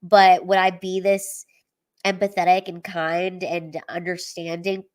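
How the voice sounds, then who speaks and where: A woman's voice: lowish voice, level tone, measured pace. Woman in her thirties, comedian host, candid and teary, swears freely, livestream chat. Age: 30s.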